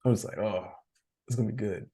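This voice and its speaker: A man's voice: lowish voice, quick pace, mellow, husky. A man co-hosting a podcast in casual chat, losing his voice, rambling with fillers and frequent laughs. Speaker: podcast co-host.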